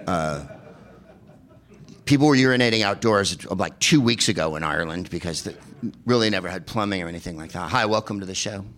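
A man's voice: low-pitched, a little fast, a bit bright. A man telling rambling, sardonic comic travel stories, with plenty of swearing and filler words. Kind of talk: comedic travel storytelling.

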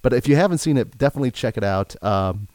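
Relaxed man hosting a film podcast. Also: medium pitch, quick pace, no room sound. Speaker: podcast host. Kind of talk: casual film chat.

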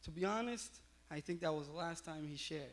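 Brief: male pastor, fairly high voice, animated storyteller, loose and chatty. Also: a little fast, background noise. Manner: animated storytelling with many fillers. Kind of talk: sermon.

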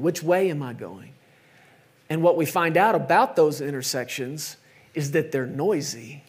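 A middle-aged man preaching a sermon in a conversational way, sometimes dropping to soft, emphatic tones. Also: fairly high pitch. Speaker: pastor.

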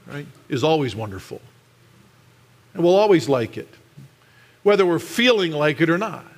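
Middle-aged guy preaching in church, slightly high voice, gets really loud when he makes a point. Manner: animated, swings to shouting for emphasis. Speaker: pastor. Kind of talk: sermon.

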